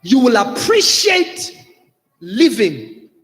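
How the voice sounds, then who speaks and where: A South African man preaching from the pulpit, his voice sitting high for a man. He presses his points with earnest repetition and drops Xhosa words between English lines. The sound rings with the long reverb of a church hall. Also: wildly swooping pitch, extremely slow, fairly bright tone. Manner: earnest, repetitive pleading, mixing in Xhosa phrases. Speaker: pastor. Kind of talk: sermon.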